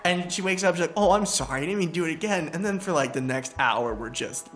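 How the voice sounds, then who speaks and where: A man, a podcast guest, telling a story in casual chat, animated, laughing and acting out quotes. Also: on the high side, fast, background noise.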